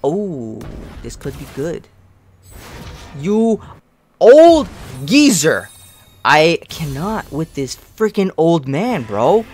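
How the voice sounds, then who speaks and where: Lively slang-heavy young gamer guy. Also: on the high side, slow, husky, faint music behind. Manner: excitable, slangy, grumbling at bad luck. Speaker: mobile game streamer. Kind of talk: casual gaming commentary.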